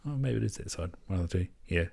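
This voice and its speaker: A man's voice: low-pitched, rapid-fire, creaky, a little mellow, husky. A young man hosting a podcast, chatting candidly and casually, laughing often and swearing. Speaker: podcast host. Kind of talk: casual chat.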